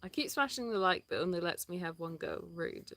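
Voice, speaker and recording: A woman's voice: lowish voice, very animated, brisk, fairly bright tone, slight background noise. A woman co-hosting a live stream from an animal sanctuary, who chats casually and reads out viewer questions.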